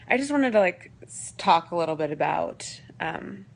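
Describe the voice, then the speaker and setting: A woman's voice: fairly low pitch, expressive, normal speed, vocal fry, few pauses. A pregnant woman in her late twenties, talking on the verge of tears in a rambling, personal vlog full of fillers. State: teary. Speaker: vlogger.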